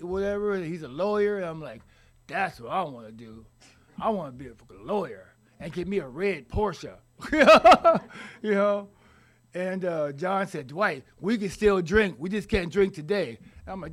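A middle-aged man telling his own recovery story in a rambling, halting way with wry humor. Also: sits high, fairly bright tone. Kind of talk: personal recovery story told to an audience.

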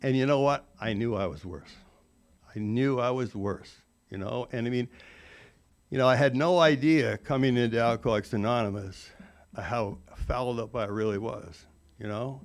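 A man's voice: mid-range voice, normal speed. A man in his forties telling a rambling, self-mocking personal recovery story, full of "you know" asides. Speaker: recovery speaker.

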